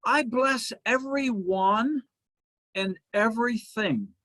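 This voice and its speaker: A man delivering a sermon as minister, in a slow, measured preaching manner with pauses. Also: extremely high pitch, pushed and bright, no room sound.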